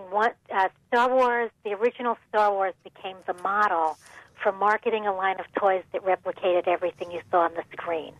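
A woman's voice: medium pitch, dry recording, dull audio. A woman professor, a guest on a radio show, explaining her research earnestly. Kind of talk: radio interview.

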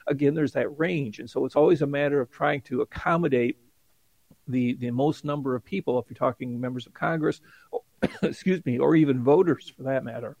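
A middle-aged man speaks as a political science professor on a radio talk show, weighing his points and thinking aloud. His voice has a gravelly edge, and the sound is dry and close. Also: medium pitch, a little mellow, dry recording. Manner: measured, thinking aloud with restarts. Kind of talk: radio interview commentary.

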